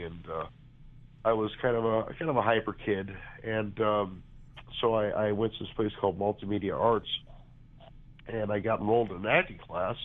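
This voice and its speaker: A man in his forties from California, congested and a bit hoarse, chatting as a guest with lots of restarts over the phone. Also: fairly low pitch, fairly even intonation, normal speed. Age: 40s. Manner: chatty, rambling with many restarts. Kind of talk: phone interview. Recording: tinny phone line.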